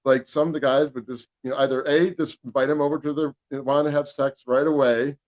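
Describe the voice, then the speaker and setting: A man's voice: mid-range voice, fairly even intonation, a little fast, darkish tone. A man guest in a casual talk, speaking in a rambling way with many restarts. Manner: rambling, frequent restarts and fillers. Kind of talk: casual chat.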